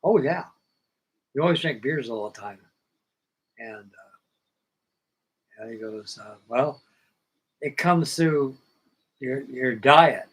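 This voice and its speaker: A man's voice: medium pitch, takes it slowly, long pauses, a bit bright, husky, low-quality recording. An older man, host of a model-building livestream, telling a long personal story in a folksy, plainspoken way and acting out old conversations.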